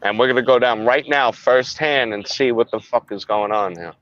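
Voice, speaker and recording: A man's voice: mid-range voice, moderate pace, fairly bright tone, highs cut off. Angry swearing man. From Long Island, New York. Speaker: show host. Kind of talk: profane live-stream rant.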